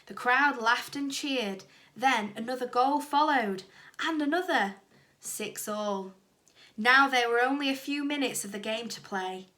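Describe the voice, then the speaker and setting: Teacher lady reading a kids book out loud, lively, high bright voice. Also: measured pace. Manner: lively expressive storytelling. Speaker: primary school teacher. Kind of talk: reading a storybook aloud.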